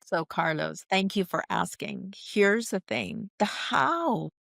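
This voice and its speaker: A woman guest on a podcast, answering calmly and emphatically, slowing down to stress key phrases. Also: mid-range voice, gravelly, no room sound, studio quality. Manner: calm, emphatic, teacherly, with slow stressed phrases. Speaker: podcast guest, leadership speaker. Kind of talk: reflective interview answers.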